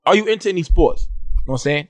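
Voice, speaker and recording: A man hosting a podcast, chatting casually with a guest, animated and swearing, often restarting his sentences. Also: fairly high pitch, fast talker, no room sound. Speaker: podcast host. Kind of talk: casual interview chat.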